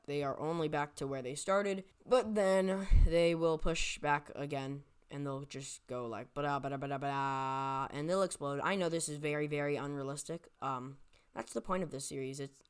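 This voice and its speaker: With a clean tone at medium pitch, a map video creator talks through an invented map scenario in a loose, rambling style, regularly correcting itself and adding joking side comments.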